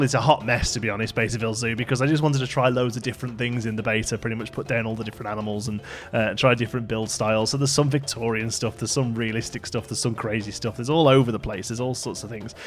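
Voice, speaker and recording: A man talks through his build in a relaxed, meandering way, full of ums and self-deprecating asides. He sounds a bit worn out and yawns now and then. His voice sits at an ordinary pitch, and soft music plays faintly underneath. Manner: rambling, chatty, self-deprecating, many fillers. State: tired, yawning. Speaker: gaming YouTuber. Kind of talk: casual let's play commentary.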